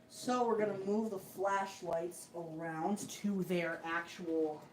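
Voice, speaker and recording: A woman's voice: lowish voice, darkish tone, a little hiss or hum, poor audio. A woman hosting a casual livestream from a home tabletop setup, self-deprecating and chuckling often. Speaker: host of a toy robot fight livestream.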